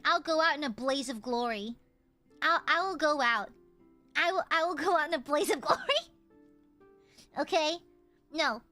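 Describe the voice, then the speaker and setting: A woman's voice: high voice, sharp tone. A young woman streamer chatting casually and teasing her viewers in a playful, goofy way. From United States.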